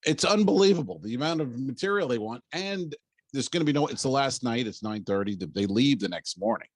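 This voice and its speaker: A man's voice: medium pitch, brisk, no room sound. A man who is a comedian and podcast host, telling stories in a casual chat, swearing and acting out dialogue. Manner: animated storyteller, swearing, acts out dialogue.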